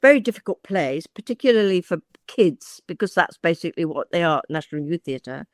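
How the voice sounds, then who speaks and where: An older woman, a guest on a chat podcast, telling anecdotes in a lively way with many ums and restarts. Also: on the low side, a little fast, no room sound, clean studio sound. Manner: lively anecdotal storyteller, hesitant fillers. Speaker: guest, former actress and agent. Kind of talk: casual chat.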